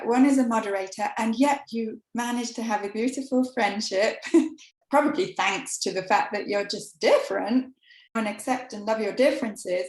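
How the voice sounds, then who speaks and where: A woman host asking her guests curious questions in a casual interview. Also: fairly high pitch. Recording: echoey room.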